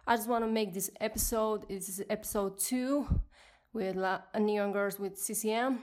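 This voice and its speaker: A woman's voice: mid-range voice, steady tone, normal speed, darkish tone. A woman in her twenties with a non-native accent, hosting a solo podcast and ranting in an indignant tone. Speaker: podcast host.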